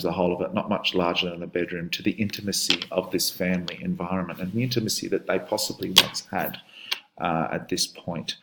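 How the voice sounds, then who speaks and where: A man's voice: deep voice, a bit bright, slight background noise. A man teaching a poem in a lecture, talking through it with many fillers and restarts. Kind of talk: poetry lecture with read-aloud passages.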